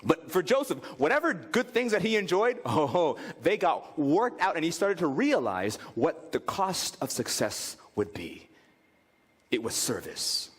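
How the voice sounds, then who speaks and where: A male pastor preaching a sermon in an animated way, often slipping into the voices of the people in his examples. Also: on the high side, a little slow, slightly rough. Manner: animated, acts out quoted voices. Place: church sanctuary. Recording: reverberant church hall.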